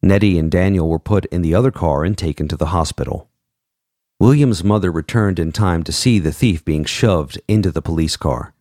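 A man narrating an audiobook in a measured, expressive way, voicing each character. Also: deep voice, no echo, studio quality.

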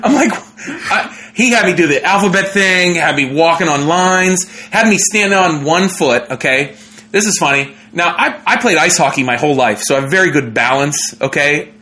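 A young man, a comedian, telling a story in a casual, animated way, with lots of fillers and laughter. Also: on the high side, moderate pace. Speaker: comedian guest.

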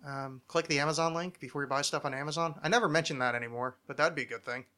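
A man's voice: on the high side, steady tone, fast, sharp tone, clear, resonant tone. A man from New Jersey hosting a podcast, with a light, not resonant voice and a rambling, jokey way of talking. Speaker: podcast host. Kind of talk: casual podcast chat.

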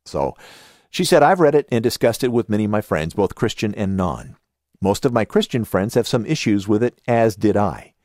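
Southern California man with lively pitch. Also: moderate pace, dry recording, clean studio sound. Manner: conversational, reads listener comments aloud with asides. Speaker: podcast host. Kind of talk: casual book review talk.

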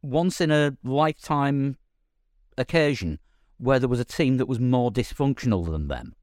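Lively wry English man, dry mic. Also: mid-range voice, moderate pace, no echo. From England. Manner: wry, lively, laughs easily. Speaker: podcast co-host. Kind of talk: casual chat.

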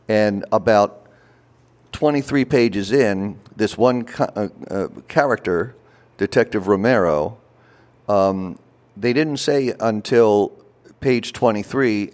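Animated storytelling man in an interview. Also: lowish voice. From Baltimore, USA. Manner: lively anecdotes, acting out quoted voices. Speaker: guest, voice performer and recording artist.

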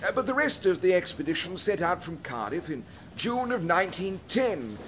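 A man's voice: high voice, very animated, normal speed, a bit bright, slight background noise. A man playing a pompous, easily offended polar expedition captain in a comic history sketch. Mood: boastful. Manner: indignant, stiff-upper-lip bluster.

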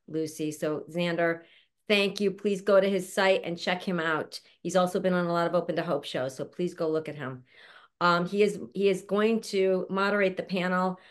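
A woman hosting an online panel over a video call, introducing guests in a chatty, affectionate way and laughing often. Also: medium pitch. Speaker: show host introducing a panel. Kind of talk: casual chat.

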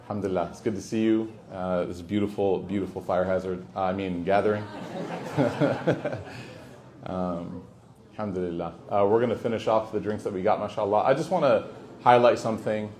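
A man's voice: on the low side, normal speed. A man speaking as an imam and teacher at a community gathering, in a casual, joking lesson style sprinkled with Arabic phrases. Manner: warm, joking, peppers speech with Arabic phrases.

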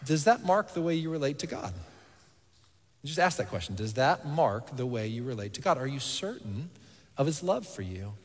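A man in his thirties, a pastor preaching a sermon, earnest and animated, sometimes dropping to quiet intensity. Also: mid-range voice, normal speed. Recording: long hall reverb.

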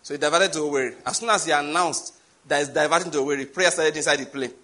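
Preaching fast, a man with a Nigerian accent narrates a story in his sermon. He delivers key words with emphatic stress, leaping up high and loud on them.

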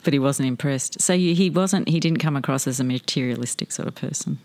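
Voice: medium pitch, a little fast, darkish tone. An interviewer prompting with brief questions and murmured replies.

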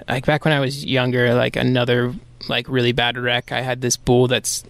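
A man's voice: medium pitch, monotone, moderate pace, gravelly, fairly bright tone, clear, resonant tone. A man from Pennsylvania, a bull rider guest on a podcast, telling stories casually and rambling with lots of filler "like". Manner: rambling, heavy use of filler "like". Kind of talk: casual storytelling.

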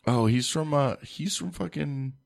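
A man's voice: mid-range voice, measured pace, gravelly. A man co-hosting a podcast in casual chat, teasing and swearing a lot. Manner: crude, teasing, heavy swearing. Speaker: podcast co-host.

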